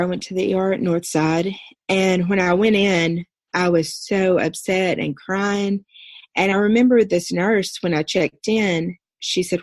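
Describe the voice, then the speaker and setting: A woman in her thirties, a podcast guest, earnestly telling a personal story in a steady recounting way. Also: lowish voice, dry recording. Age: 30s. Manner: earnest, steady recounting with brief quoted dialogue.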